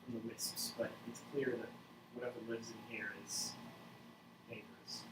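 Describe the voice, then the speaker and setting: A man narrates a tabletop game as its game master, his voice dropping low and measured as he sets each scene. He sits some way from the mic in an echoing room, with a steady hiss of noise underneath. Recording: roomy, distant mic with background noise.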